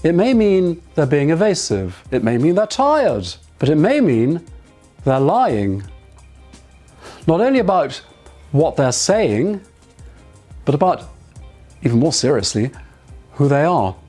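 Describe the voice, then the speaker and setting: A man teaching voice and speaking skills, giving calm, measured instruction and guiding the listener through exercises. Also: fairly high pitch, soft background music. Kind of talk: instructional talk to camera.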